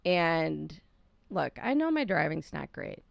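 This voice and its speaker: A woman's voice: sits low, big pitch swings, slow, creaky, no echo, dull audio. A middle-aged woman co-hosting a podcast, telling a story in a rambling, self-mocking way with lots of laughter. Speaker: podcast co-host. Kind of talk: casual storytelling chat.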